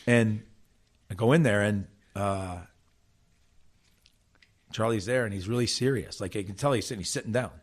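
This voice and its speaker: A man's voice: lowish voice, moderate pace, long pauses. A middle-aged man from South Jersey, an interview guest telling stories from his playing career with lots of restarts and repeated words. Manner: animated storyteller with many restarts. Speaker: interview guest, former player and coach. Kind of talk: storytelling conversation.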